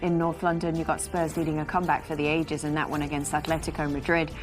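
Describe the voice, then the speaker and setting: A woman hosting a studio football show, reading schedules and handing to guests in a brisk, upbeat way. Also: sits low, flat delivery, over music. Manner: brisk, upbeat presenter delivery. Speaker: host. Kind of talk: studio sports show presenting.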